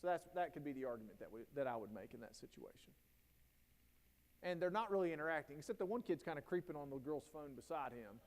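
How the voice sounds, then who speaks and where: A man's voice: fairly high pitch, animated, quick pace. Folksy male presenter in an echoing hall. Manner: conversational, folksy, anecdote-driven. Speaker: presenter at a teacher training day. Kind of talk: storytelling professional development talk. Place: school auditorium or hall.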